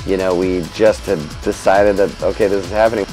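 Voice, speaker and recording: A man being interviewed, telling animated, profane anecdotes about his band. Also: sits low, brisk, faint music behind, low-quality recording. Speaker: musician interviewee. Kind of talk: storytelling interview.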